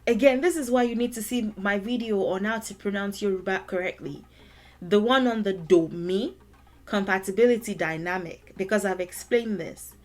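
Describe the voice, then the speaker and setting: A woman teacher explaining a language lesson, patiently repeating points and modeling words aloud. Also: fairly high pitch. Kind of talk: explaining and demonstrating pronunciation.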